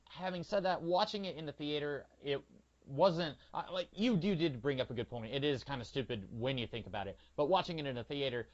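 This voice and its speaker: A man's voice: on the high side, dull audio. A man co-hosting a podcast in casual chat, rambling with lots of fillers and acting out little scenes. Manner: chatty, lots of "like" and "um", animated retellings. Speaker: podcast co-host.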